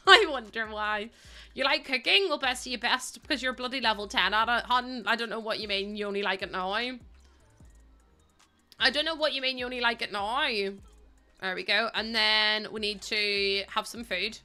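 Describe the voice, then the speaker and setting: Bright chatty young woman streamer. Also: on the high side, moderate pace, faint music behind. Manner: chatty, talks to game characters and chat, laughs often. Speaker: streamer playing a life-sim game. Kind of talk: casual livestream chat while playing.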